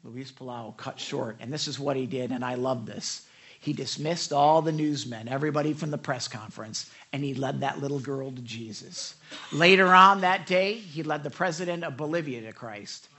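A man preaching a sermon, telling a story and acting out quoted lines with a conversational, animated delivery and frequent asides to his listeners. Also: normal speed. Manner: animated storytelling, acts out quotes with raised pitch. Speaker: pastor.

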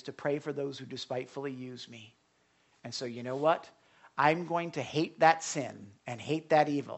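A man preaching a sermon as pastor, talking conversationally, stumbling and restarting, then swelling into fervent bursts. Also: on the high side. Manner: conversational, swings from hushed asides to impassioned outbursts; halting restarts and repetitions.

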